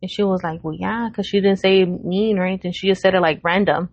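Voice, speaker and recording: A woman's voice: mid-range voice, fairly quick. A woman retells a fight at home, jumping into everyone's voices and cursing freely. Her voice sits mid-range. The sound is muffled and lo-fi but close, with no room echo. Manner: animated retelling with quoted voices, frequent swearing. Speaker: podcast co-host. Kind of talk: casual storytelling chat.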